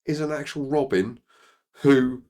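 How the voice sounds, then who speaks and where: A man's voice: medium pitch, measured pace, darkish tone. A man co-hosting a casual chat, rambling and piling on filler phrases. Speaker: co-host.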